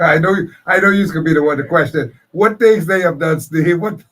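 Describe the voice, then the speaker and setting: A Bahamian man hosting a call-in radio show, pitched a touch higher than most men. His husky voice stumbles and searches for words as he defends his point. He sounds set back from the microphone. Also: a little fast, fairly bright tone, far from the mic. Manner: hesitant, searching for words, laughing it off. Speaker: radio talk show host. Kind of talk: live call-in radio debate.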